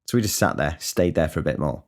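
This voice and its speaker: A man's voice: extremely low pitch, lively intonation, fast talker. A young man from the talks. He rambles through casual stories, swears freely and stumbles into frequent restarts. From England. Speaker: podcast host. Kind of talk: casual storytelling monologue.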